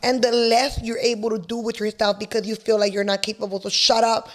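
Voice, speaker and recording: A woman from with a fairly high voice. She tells her stories as a guest in a casual interview, brash and full of swearing. She mixes in Spanish words as she goes. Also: a little fast. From East Los Angeles. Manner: brash, profane, animated storyteller mixing in Spanish words. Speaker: podcast guest.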